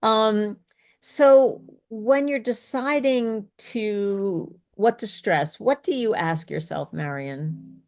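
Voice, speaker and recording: A woman's voice: mid-range voice, slow, a little mellow. A woman leads a speech workshop over a video call, taking her time with each phrase. She encourages her listeners and often stops to check that they are following. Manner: encouraging, asks checking questions. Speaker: speech coach, co-host of webinar. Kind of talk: live online workshop presenting.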